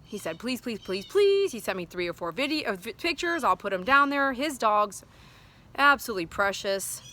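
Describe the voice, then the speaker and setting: A woman's voice: mid-range voice, animated, a little fast, sharp tone. A woman dog groomer talking casually and earnestly to her viewers, rambling from thought to thought, recorded outdoors at sundown. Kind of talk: casual vlog talk to viewers.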